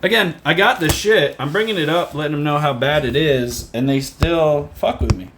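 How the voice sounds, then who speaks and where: A man vents to the camera about his grievances in a sarcastic, jabbing tone. His voice sits a little high for a man, and he keeps throwing in a mocking "hello.". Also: normal speed, a bit bright, a little hiss or hum. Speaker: vlogger. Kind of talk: casual ranting vlog.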